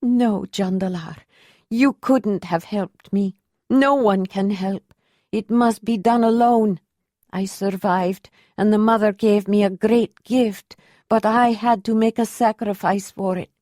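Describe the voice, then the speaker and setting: A woman reading the lines of a proud young woman who is hurt and hiding her pain, her delivery slow and controlled. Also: mid-range voice, dark tone, no echo, clean studio sound, close to an everyday voice. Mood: hurt, bitter. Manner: pained, bitter, controlled. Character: Ayla, young woman, wounded, proud, dignified. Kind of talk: audiobook character reading.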